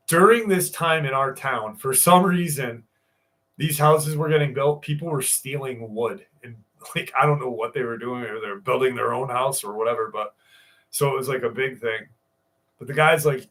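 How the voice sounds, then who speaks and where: An American man tells a personal story in a loose, casual way. He swears freely, circles back with fillers and restarts, and sits at an ordinary middle pitch. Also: moderate pace, a bit bright. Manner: profane, rambling, many fillers and restarts. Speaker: guest telling a personal encounter story.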